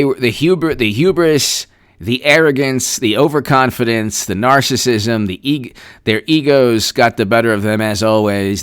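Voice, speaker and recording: A man's voice: fairly low pitch, smooth, dry recording, clean studio sound. A man hosting a political livestream, thanking chat members and mocking his opponents in a sarcastic, theatrical way. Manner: sarcastic, mocking, shifts into loud shouted shout-outs. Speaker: political commentator reading live chat. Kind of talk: livestream commentary.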